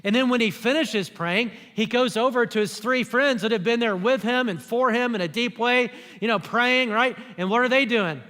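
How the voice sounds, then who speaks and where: A man's voice: extremely high pitch, moderate pace, hardly any pauses, sharp tone, big-room sound. A man preaching a sermon as pastor, speaking conversationally and acting out the lines he quotes. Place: church auditorium.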